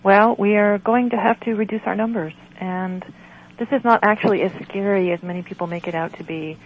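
A woman reading her own prose aloud in a measured, earnest way, then answering interview questions. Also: medium pitch, steady tone. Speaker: author and guest. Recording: dull lo-fi sound with faint noise.

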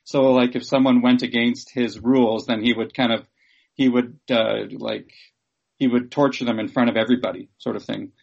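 A man interviewing a guest in a relaxed conversation, stopping and restarting often and leaning on fillers. His voice has a strong gravelly fry. The recording sounds dull and lo-fi. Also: medium pitch. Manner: halting, many restarts and fillers.

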